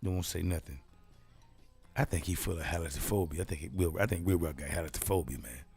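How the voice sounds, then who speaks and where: A man putting on a gruff, low voice for a buddy who insists on gossip about the host. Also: brisk, a little mellow, faint music behind, heavily acted. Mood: insistent.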